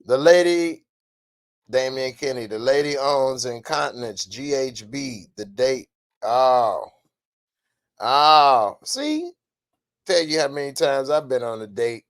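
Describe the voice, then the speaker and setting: A man hosting a podcast in casual commentary, animated and slangy, laughing often. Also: medium pitch, slow pace, dry recording. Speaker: podcast host.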